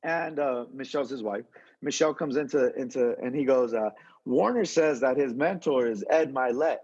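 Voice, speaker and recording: A man's voice: medium pitch, moderate pace, darkish tone, husky, big-room sound. A man being interviewed, casually telling a long story with lots of restarts and slang. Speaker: interview guest, entrepreneur. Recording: dull lo-fi audio.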